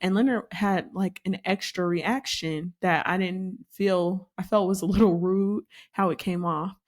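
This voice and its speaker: A young adult woman co-hosting a casual chat about marriage, telling a story and acting out the quotes with lively emphasis. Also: lowish voice, measured pace. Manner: animated storytelling, acts out quotes. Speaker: podcast co-host.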